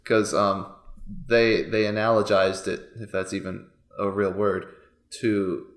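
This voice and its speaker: A man's voice: lowish voice, measured pace. Chatty man in an echoey room. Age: 30s. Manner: animated, filler-heavy, laughs often. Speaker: podcast co-host. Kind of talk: casual chat.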